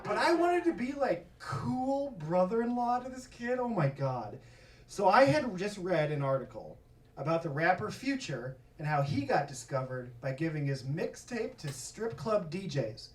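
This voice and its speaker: A man's voice: high voice, sing-song, normal speed. A man doing stand-up, telling a long story in a profane, self-mocking way on a comedy club stage. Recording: roomy live club from a distance. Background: audience laughter.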